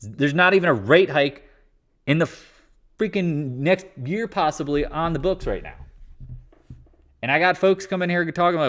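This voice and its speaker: A man's voice: a little high, moderate pace, long pauses, fairly bright tone. A man hosting a live market stream from his living room, ranting sarcastically and mocking others in put-on voices. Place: living room home office.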